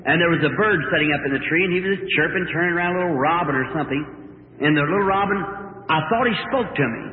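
A man's voice: a little high, fast talker. Man, preacher, homespun rural storytelling, echoey hall, thin phone-like old tape. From southern Indiana, US. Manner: folksy storytelling with rural dialect. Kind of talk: sermon testimony. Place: large meeting hall.

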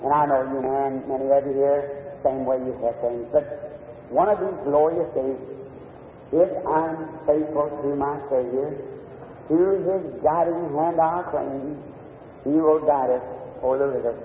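A man's voice: mid-range voice, fairly even intonation, a little slow, a little hiss or hum. A man preaching a sermon to a meeting, telling a personal story in a folksy, plain-spoken way. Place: large meeting hall with an audience. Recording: old lo-fi tape from far off in an echoey hall.

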